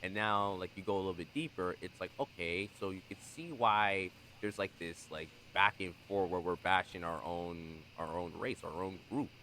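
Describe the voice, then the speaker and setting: A young man hosting a podcast in casual conversation, animated and acting out the voices he quotes. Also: deep voice, normal speed, few pauses, slight background noise, rough recording. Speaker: podcast host.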